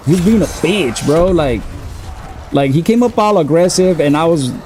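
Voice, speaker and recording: A man's voice: fairly high pitch, animated, moderate pace, a little mellow, slight background noise. A man in his thirties telling a long story in a loose, casual way, full of fillers and swearing. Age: 30s. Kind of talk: casual storytelling while gaming.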